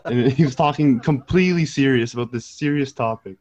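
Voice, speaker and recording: A man's voice: mid-range voice, fairly quick, darkish tone. A man telling an easygoing story in a casual chat, often laughing, on dull lo-fi call audio.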